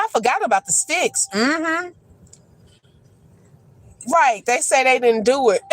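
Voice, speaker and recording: A chatty woman livestreaming from her parked car, with a fairly high voice and quick bursts of laughter. She drifts into earnest, preacher-like encouragement. Her phone mic sounds close and dry. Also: no room sound, low-quality recording. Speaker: livestream host. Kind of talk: casual live chat with encouragement.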